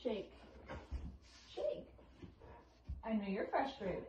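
Woman, 20s, home vlogger; coaxing pet-talk, unhurried delivery, slightly high voice. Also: sing-song, highs cut off, a little hiss or hum. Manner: quiet chatty asides to the camera. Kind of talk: casual vlog, training her dog. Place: home, indoors.

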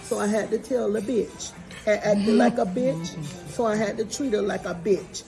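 An exasperated woman on a played tape vents bluntly about being pushed to her limit. Her voice is dark and mellow, with faint music underneath. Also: medium pitch, moderate pace, vocal fry.

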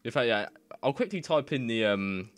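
A man's voice: mid-range voice, sing-song, moderate pace, smooth, dry recording. A young man giving casual, rambling commentary on his screen, laughing often and swearing freely. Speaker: YouTuber.

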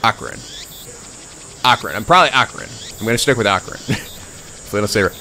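A man's voice: fairly low pitch, a little fast, bright, forceful tone, slight background noise. A man hosting a let's play, rambling casually with frequent restarts and self-corrections. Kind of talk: gameplay commentary.

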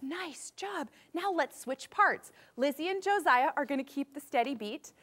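A young woman teaching a children's music lesson, cheerfully leading warm-ups and call-and-response drills. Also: sits high, expressive, measured pace, a little hiss or hum.

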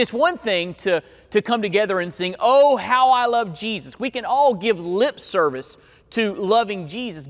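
A male pastor preaching a sermon in a church, stressing key words and stretching them out slowly. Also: sits high. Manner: emphatic preaching with slow, drawn-out key words. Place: church sanctuary. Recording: long hall reverb.

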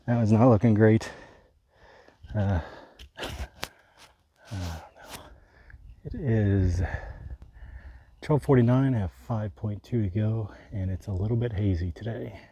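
A man's voice: lowish voice, slow pace, long pauses, mellow, slightly rough, dry recording, poor audio. A man hiking a long trail and talking to the camera in a casual vlog, with wry, self-mocking commentary on his day outdoors. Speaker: long-distance hiker vlogging.

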